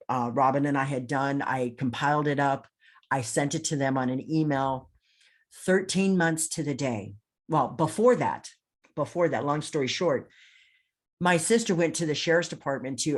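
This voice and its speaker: A woman guest on a podcast telling a personal story with intensity and emphasis, often restarting her sentences. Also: extremely low pitch. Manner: acts out others' lines in quoted voices.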